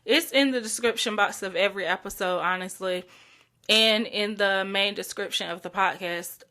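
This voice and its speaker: Speaking at a moderate pace in a mid-range, pushed and bright voice, this North Carolina podcast host, a young adult woman, delivers a solo monologue. She talks chattily and from the heart, filling it with likes and ums.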